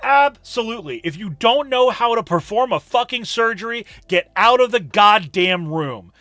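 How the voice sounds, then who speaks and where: A man's voice: high voice, expressive, normal speed, pushed and bright, no room sound. A man chatting on a live stream, emphatic and profane, ranting and reading chat messages aloud.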